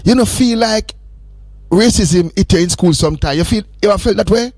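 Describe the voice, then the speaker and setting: A man's voice: high voice, brisk, darkish tone, no room sound. A man hosting a radio call-in show, joking and teasing his caller in a playful, sing-song way. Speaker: radio host. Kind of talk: casual call-in chat.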